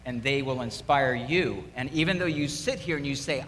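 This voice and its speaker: A man's voice: mid-range voice, moderate pace, a bit bright. A middle-aged man giving an upbeat, emphatic motivational speech to students at a school, repeating his key words. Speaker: donor addressing students. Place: school hall, audience present. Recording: echoey hall, faint room noise.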